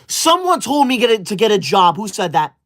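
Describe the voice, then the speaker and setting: His voice sits high and a bit bright, delivered briskly in a sing-song way. For comedic effect, the man plays a touchy young streamer fixated on rules, talking in a prim, formal, scolding manner.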